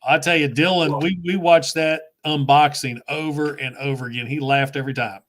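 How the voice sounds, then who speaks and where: A man who reviews toys, talking eagerly in a relaxed live chat. His voice sits slightly high for a man. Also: fairly quick. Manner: enthusiastic, explaining toys. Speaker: toy reviewer and host.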